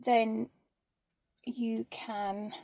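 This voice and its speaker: A woman's voice: on the high side, flat delivery, drawn-out words, creaky, mellow, no room sound. A woman giving a casual sewing tutorial, chatty and self-deprecating, thinking aloud with plenty of ums and restarts.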